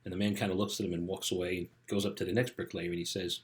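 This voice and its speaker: A man's voice: sits low, little pitch movement, very fast, hardly any pauses. A middle-aged man, a life coach for teens, giving a casual motivational talk. He speaks conversationally and often tags his sentences with "right?".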